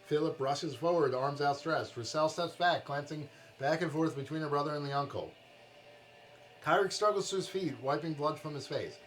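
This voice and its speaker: A man narrating a tabletop fantasy game as game master on a live stream, in a steady storybook manner. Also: a little high, normal speed, soft background music.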